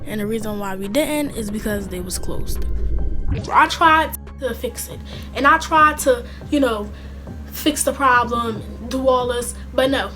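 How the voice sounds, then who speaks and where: A young woman telling a casual storytime vlog, animated and slangy, with some swearing. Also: a little high, normal speed, faint music behind. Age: young adult. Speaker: vlogger.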